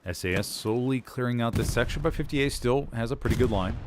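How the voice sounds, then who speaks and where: A man's voice: medium pitch, fairly quick, noisy background. A man casting a competitive war game live, chatty and self-deprecating as he talks to his stream chat. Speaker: esports caster. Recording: gunfire and game sounds behind voice. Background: war game battle sounds, artillery and gunfire.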